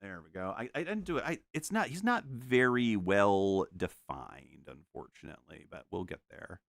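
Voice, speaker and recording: Gravelly, animated man painting live. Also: on the low side, moderate pace, dry recording, clean studio sound. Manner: animated, jokey, makes sound effects. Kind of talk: casual live-stream chat while painting. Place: home studio.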